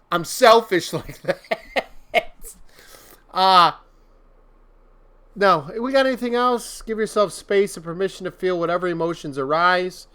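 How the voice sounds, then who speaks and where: A man's voice: high voice, unhurried, pauses often, pushed and bright, smooth. A man hosting a casual motivational livestream, rambling and laughing often, breaking into silly mock-venting with made-up curses. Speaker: host.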